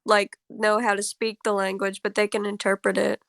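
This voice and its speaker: A woman's voice: medium pitch, little pitch movement, moderate pace, vocal fry, a bit bright, no echo, clean studio sound. A woman playing a tabletop game, explaining matter-of-factly in casual chat. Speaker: player.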